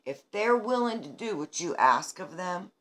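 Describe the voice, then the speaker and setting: A woman's voice: fairly low pitch, expressive, normal speed. A woman in her fifties from New England who speaks to viewers in an earnest, emphatic video diary about her treatment. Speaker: cancer patient sharing her treatment journey. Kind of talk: heartfelt personal video diary.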